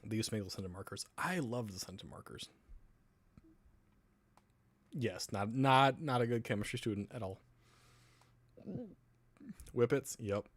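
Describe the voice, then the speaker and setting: Man, livestream host, lowish voice, dry sound, rambling casual chat, quick laughs. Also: husky, no echo. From US South. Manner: rambling, jumps between topics, laughs often. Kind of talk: casual livestream chat, answering viewer comments.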